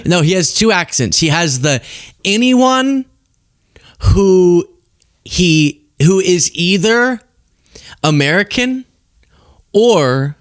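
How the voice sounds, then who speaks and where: A man's voice: sits high, sing-song, takes it slowly, pauses often, no room sound, studio quality. A man hosting a political commentary show, sarcastic and exasperated, often laughing.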